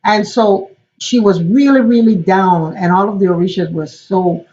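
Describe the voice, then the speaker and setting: A woman, a spiritual teacher, telling a sacred story in a lively way and acting out the voices. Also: mid-range voice, moderate pace. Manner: animated, acts out the quotes. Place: Florida. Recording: dull lo-fi call audio.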